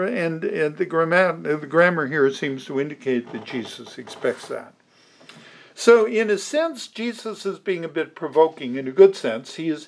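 Slightly high-voiced male preacher. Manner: measured teaching delivery with frequent ums and restarts. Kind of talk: expository sermon.

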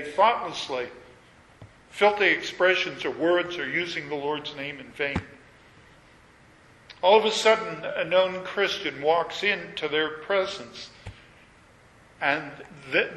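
Bright-voiced preacher in an echoing hall. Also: male voice, on the high side. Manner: measured, emphatic preaching with repetition. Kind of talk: sermon. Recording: echoey hall with long reverb.

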